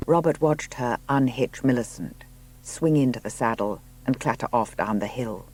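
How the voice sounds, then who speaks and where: A man reading a novel aloud as audiobook narrator, in a measured way. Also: medium pitch, a little mellow. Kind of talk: scripted narration.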